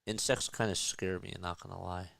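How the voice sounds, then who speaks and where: A young man streaming live play-by-play of a baseball game, chatting with his viewers between pitches and lifting his voice for each call. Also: steady tone, brisk, gravelly, a bit bright, no echo. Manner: pitch calls rise in pitch and energy. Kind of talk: live play-by-play commentary with chat.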